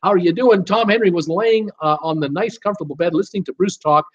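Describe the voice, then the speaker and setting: A man's voice: high-pitched, quick pace, highs cut off. A man hosts a live cruise Q and A stream, chatting casually and reading out viewer names and comments with many "uh" fillers.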